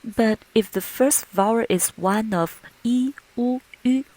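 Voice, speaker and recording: A woman teaching a language lesson slowly and patiently, modelling sounds with clear, deliberate speech. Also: a little mellow, rough recording. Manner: clear, deliberate, models each tone with exaggerated pitch. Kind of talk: slow, patient pronunciation lesson with drills.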